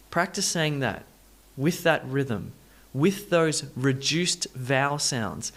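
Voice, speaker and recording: A man teaching an English pronunciation lesson, explaining directly to learners and repeating words slowly to model syllable stress. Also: mid-range voice, lively intonation, fairly bright tone.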